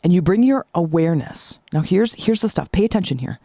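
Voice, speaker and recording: Woman, podcast host, motivational coaching, emphatic, mellow tone, dry close sound. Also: fairly low pitch, expressive, a little fast, dry recording.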